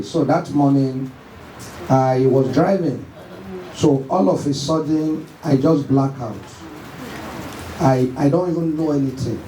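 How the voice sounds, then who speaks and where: A man's voice: medium pitch, mellow. A Nigerian man paying tribute to his mother at a memorial service, telling his story earnestly with frequent fillers. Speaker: son giving a tribute. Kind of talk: spoken tribute. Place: church or event hall at a memorial service. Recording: echoey hall, far from the mic, faint noise.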